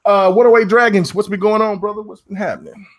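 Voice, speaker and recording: A man's voice: high-pitched, fairly even intonation, fast. A man hosting a casual gaming podcast over an online call, loose and joking, often repeating himself. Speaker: podcast host.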